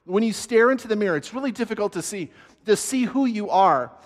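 Male pastor, conversational sermon delivery, slightly high pitch, reverberant hall with music bed. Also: animated, a little fast. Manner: earnest, conversational preaching with many fillers and restarts.

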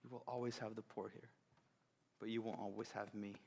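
A male preacher retelling a scripture story in an animated, conversational way, with rhetorical questions to the audience. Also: fairly low pitch, fairly quick, creaky. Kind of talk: sermon storytelling.

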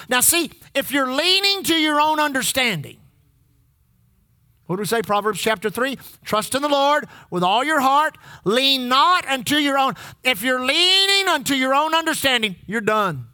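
Male pastor, high and piercing, call-and-response sermon delivery, dry close sound. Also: big pitch swings, moderate pace, no room sound. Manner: call-and-response preaching, repeating lines for the congregation; swings between loud emphasis and low asides.

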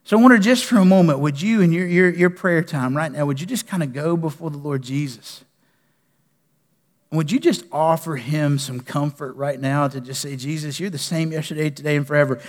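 A male pastor preaching with passion, his fairly high voice rising in fervent appeals and falling to a hushed plea. A long reverb trails each phrase, as in a church sanctuary. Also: moderate pace. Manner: impassioned preaching that drops to soft, prayerful pleading. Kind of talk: sermon.

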